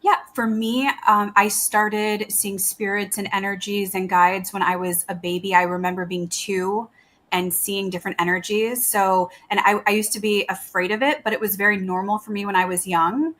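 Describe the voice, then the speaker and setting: A woman's voice: medium pitch, fairly even intonation, normal speed, a bit bright. A middle-aged woman, a psychic medium guest, chatting in a friendly, earnest way. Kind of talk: casual interview chat.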